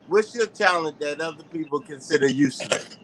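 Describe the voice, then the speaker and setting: A man's voice: on the high side, fairly quick, a bit bright, a little hiss or hum, low-quality recording. A man hosting a casual panel chat, asking guests questions in an easygoing, teasing way. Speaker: host.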